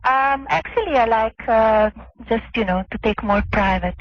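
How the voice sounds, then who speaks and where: A woman guest on a radio interview, answering in short, hesitant, soft replies, heard on a lo-fi broadcast recording. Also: on the high side, lively intonation, moderate pace, no echo.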